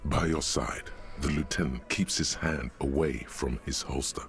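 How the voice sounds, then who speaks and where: An actor voicing a game's calm, commanding inner narrator in scripted narration, played from the game audio. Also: male voice, very deep voice, a little slow. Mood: steady.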